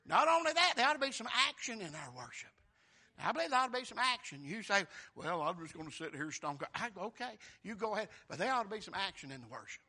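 A male pastor preaching a sermon, swinging from quiet asides to shouted praise and calling out to the congregation. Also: sits high, big pitch swings, fast talker.

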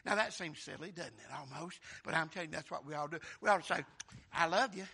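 A male pastor preaching a sermon, swinging from quiet asides to shouted praise and calling out to the congregation. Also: fairly high pitch, fast talker, gravelly, breathy edge.

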